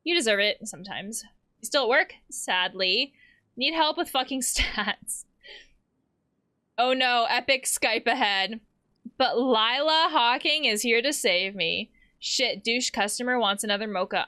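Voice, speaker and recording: A woman's voice: a little high, a little slow, bright, forceful tone. A woman therapist playing a video game, casually reading text messages aloud with playful, laughing asides. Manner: playful, laughs and swears between read-out lines.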